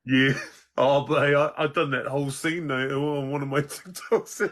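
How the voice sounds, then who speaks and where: A man's voice: medium pitch, level tone, normal speed, fairly bright tone. A New man chatting casually as a guest, laughing often and quoting film lines. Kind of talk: casual chat.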